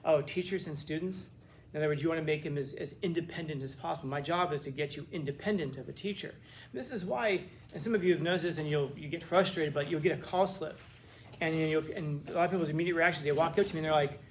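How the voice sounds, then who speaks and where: A man's voice: on the high side, fast talker, slight background noise. A male teacher giving a casual classroom lecture, acting out quotes with lots of restarts. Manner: casual, animated, acts out quotes with frequent restarts.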